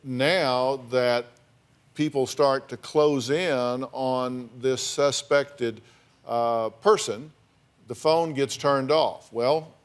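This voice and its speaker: A man's voice: medium pitch, fairly even intonation, drawn-out words, clear, resonant tone. A man hosting a daytime talk show, asking pointed, probing questions of his guests.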